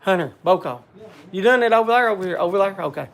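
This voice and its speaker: A man's voice: high voice, animated, fast, a bit bright. A man hosting a casual livestream, rambling as he reads out viewer names with lots of "uh" fillers and chatting to the audience by name. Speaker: livestream host.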